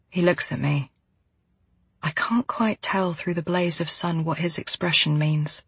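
Husky woman narrating a novel. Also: fairly low pitch, fairly even intonation, measured pace, dry recording. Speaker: audiobook narrator. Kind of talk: first-person novel narration.

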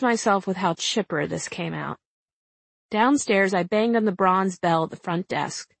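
A woman's voice: medium pitch, a little slow, gravelly, dry recording. A woman in her thirties narrating her memoir as an audiobook, wry and conversational.

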